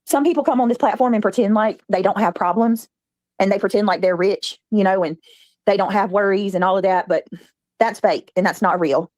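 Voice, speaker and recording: A woman's voice: medium pitch, fairly quick, darkish tone, dry recording. A woman, chatting casually on her livestream and reading viewer comments.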